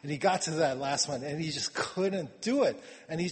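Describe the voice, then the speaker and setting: Male preacher, a bit high-pitched, casual sermon delivery with restarts, echoing hall. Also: normal speed, hardly any pauses. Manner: conversational, repeats words, swings from quiet to emphatic. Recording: long reverb of a hall.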